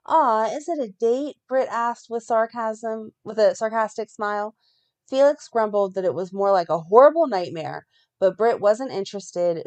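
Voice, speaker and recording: A woman co-hosting a fan podcast, reading a plot recap in a steady run and breaking off now and then to comment. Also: medium pitch. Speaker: podcast co-host recapping a soap.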